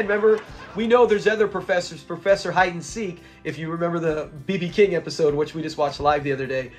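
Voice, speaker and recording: A young man with a fairly high voice chats through a sitcom episode at home. He is excitable and laughs often while he retells the scenes, and faint music plays quietly behind him. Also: fast talker. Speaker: show reviewer. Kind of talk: casual episode breakdown.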